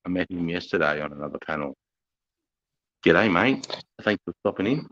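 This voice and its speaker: A man's voice: low-pitched, animated, moderate pace, fairly bright tone, muffled recording. An Australian man hosting a live stream, telling army stories in a crude, profane, laughing way. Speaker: livestream host. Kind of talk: casual storytelling chat.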